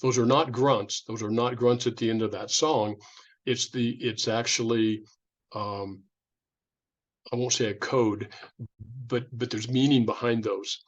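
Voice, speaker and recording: A man's voice: mid-range voice, steady tone, unhurried, long pauses, highs cut off. A man from California giving an informal public lecture, talking in a conversational way with restarts and imitated sounds. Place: indoor lecture room.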